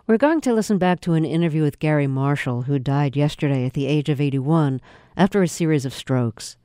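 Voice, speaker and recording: A radio interview host reading an introduction and asking measured questions. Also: mid-range voice, dark tone, smooth, no room sound, studio quality. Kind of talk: interview hosting, scripted introduction.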